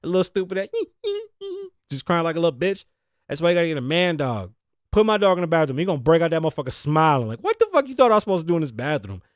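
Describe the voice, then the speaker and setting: A young male talk show host tearing through a comedic monologue, profane and ranting. His voice is a touch high for a man and swings widely in pitch. The recording is dry and close, with no room around it. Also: very animated, racing, dry recording.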